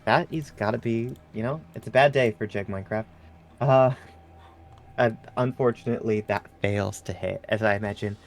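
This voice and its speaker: A man's voice: lowish voice, moderate pace. A man playing a tabletop game in casual chat, polite and easygoing. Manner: polite, keeps saying lovely. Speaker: player.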